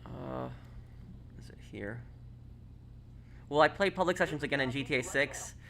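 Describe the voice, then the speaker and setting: A man's voice: mid-range voice, normal speed, gravelly, noisy background. A man streaming a game, chatting casually with viewers and reading chat aloud, with lots of fillers and restarts. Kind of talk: casual live-stream chat while gaming.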